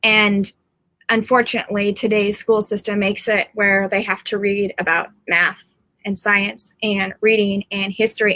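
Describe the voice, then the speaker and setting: A woman's voice: medium pitch, pushed and bright, no room sound. A middle-aged woman, a psychic medium, talking to viewers from home in a rambling, earnest live-stream monologue.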